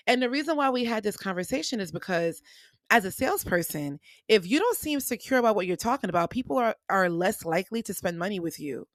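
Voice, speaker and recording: An upbeat woman hosting her own podcast, chatting casually and calling out to her listeners as "y'all" like a friend giving a pep talk. Her voice sits at an ordinary middle pitch. The recording is dry and close, with no room sound. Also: dry recording. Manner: animated, speaks straight to listeners as "y'all" with pep-talk energy. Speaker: podcast host.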